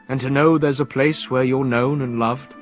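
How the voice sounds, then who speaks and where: Casting: a man playing a jovial castaway sailor, wildly animated, hearty. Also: on the high side, normal speed, faint music behind. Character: shipwrecked male sailor, cheerful and wistful.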